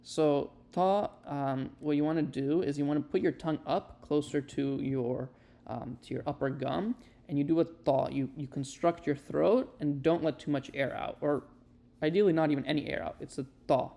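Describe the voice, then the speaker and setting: A man giving a casual spoken lesson, explaining and demonstrating sounds with relaxed fillers. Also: on the high side, normal speed, creaky. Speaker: Hebrew teacher.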